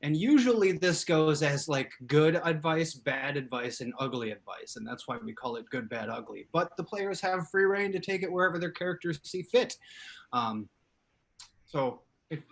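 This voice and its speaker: A man hosting a live improv comedy show from home over a video call, upbeat and animated. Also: fairly high pitch, normal speed, gravelly. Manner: animated, upbeat, hedging fillers. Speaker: host.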